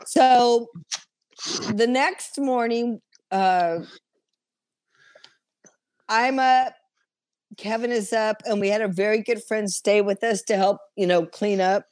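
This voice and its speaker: A woman's voice: medium pitch, fairly even intonation, slow, pauses often, darkish tone, dry recording. A woman in her fifties, a guest telling a story with lots of laughing and swearing in casual chat.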